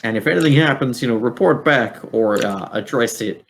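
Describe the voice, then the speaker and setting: A man voicing a chatty male robot officer who hands out gear and a mission, talking in a halting way with many ums. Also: mid-range voice, creaky, a little hiss or hum, lightly acted. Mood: briefing. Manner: rambling, halting, full of ums.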